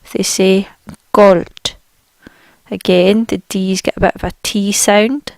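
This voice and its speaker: A woman teaching a spoken language lesson, saying each word slowly and repeating it clearly for learners. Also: mid-range voice, steady tone, a little mellow, dry recording.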